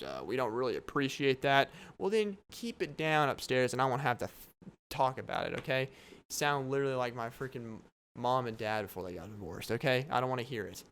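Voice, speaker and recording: A man's voice: medium pitch, fairly bright tone, clean tone. A young man hosting a casual solo podcast late at night, rambling, joking and breaking into laughs. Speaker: podcast host. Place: home at night, downstairs apartment.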